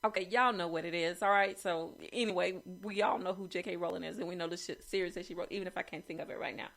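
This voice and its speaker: A woman's voice: on the low side, steady tone, quick pace, gravelly, a bit bright. A woman talking casually through writing quotes, with many fillers and restarts and asking "okay?" often. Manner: chatty, frequent fillers and restarts, asks okay. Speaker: host reviewing writing quotes. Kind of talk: casual commentary reading quotes.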